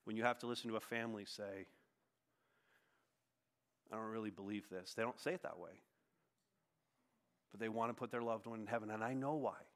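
A man preaching a sermon as a pastor, emphatic and earnest, moving between raised declarations and quieter passages. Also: on the low side, fairly quick, long pauses. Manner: emphatic preaching, swinging from loud to hushed.

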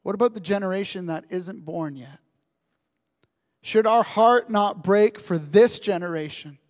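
A male pastor preaching a sermon, telling stories in an animated way and acting out the dialogue. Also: sits high, measured pace. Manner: animated storytelling, acts out dialogue. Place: church sanctuary. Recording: long church reverb.

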